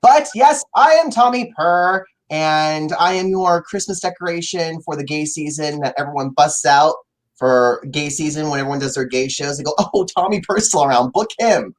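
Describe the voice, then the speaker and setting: A man's voice: fairly high pitch, lively intonation, moderate pace. Campy, theatrical young male podcast host. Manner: campy, theatrical, crude jokes. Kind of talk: casual chat.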